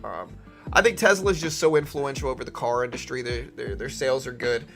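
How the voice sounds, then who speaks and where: Young male stream host, light Louisiana accent, raspy fry, easygoing and chatty. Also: medium pitch, fairly quick, soft background music. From Louisiana, USA. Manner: relaxed, conversational, answers chat questions. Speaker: livestream trading host. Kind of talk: casual live-stream commentary.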